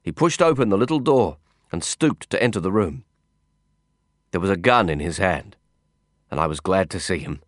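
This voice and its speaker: A man reads a novel aloud in the first person with a low voice. His telling is measured and intense. The recording is dry and close, with no room sound. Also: lively intonation, no room sound. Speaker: audiobook narrator. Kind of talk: scripted first-person narration.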